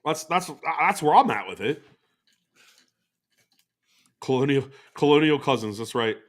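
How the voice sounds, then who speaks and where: A man's voice: medium pitch, animated, measured pace. A man hosting a podcast in loose, rambling casual chat, swearing freely. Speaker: podcast host.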